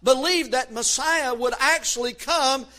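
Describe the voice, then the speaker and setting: A man preaching a sermon from the pulpit, fervent and emphatic, rising to shouts on key points. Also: very high voice, measured pace. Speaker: pastor.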